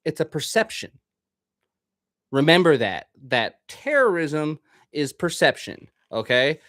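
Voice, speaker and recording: A man's voice: fairly high pitch, very animated, unhurried, fairly bright tone, dry recording, clean studio sound. A man, the host of a podcast, delivering a casual, rambling monologue full of swearing. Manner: profane, rambling, ranting.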